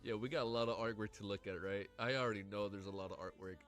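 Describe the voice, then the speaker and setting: A man livestreaming, reading a novel aloud and reacting. He is excitable, emotional and swears constantly, with a stuffy nose. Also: lowish voice, fast.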